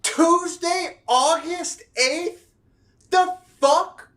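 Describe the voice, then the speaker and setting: A man voicing a furious young man who rants and swears without any filter, often shouting. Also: very high voice, very slow, pitched above the performer's own voice, exaggerated voice. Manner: shouting, profane ranting.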